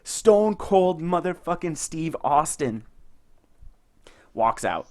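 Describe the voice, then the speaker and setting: A young man co-hosting a podcast, telling stories in a casual, excited and profane way. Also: on the high side, takes it slowly. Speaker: podcast co-host. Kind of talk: casual chat.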